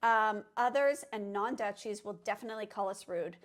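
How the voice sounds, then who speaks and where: A woman co-hosting a casual chat, animated and quick to laugh, often exclaiming in shock. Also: medium pitch. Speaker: co-host.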